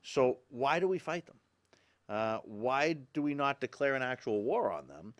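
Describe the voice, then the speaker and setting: Emphatic talk show host with lively pitch. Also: male voice, normal speed. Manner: emphatic, rhetorical questions, addresses audience as folks. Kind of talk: political commentary monologue.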